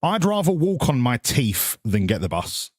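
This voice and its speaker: A man's voice: mid-range voice, sing-song, normal speed, dry recording, studio quality. A man, chatting casually with his viewers on a live stream in sarcastic, sweary, mock-lecturing rants.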